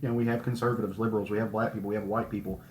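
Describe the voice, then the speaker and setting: A man's voice: on the low side, level tone, rapid-fire, a little mellow, a little hiss or hum. Upbeat podcast host guy talking live at a con, voice bouncing around a roomy space. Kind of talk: casual podcast chat. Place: convention floor, recorded live. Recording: roomy echo.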